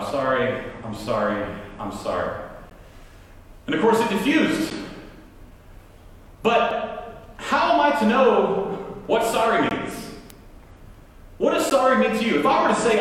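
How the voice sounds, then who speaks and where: Animated preacher in an echoing hall. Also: male voice, sits high. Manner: animated, acts out his own anger in quoted lines. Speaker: pastor. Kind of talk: storytelling sermon. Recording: roomy hall, mic at a distance.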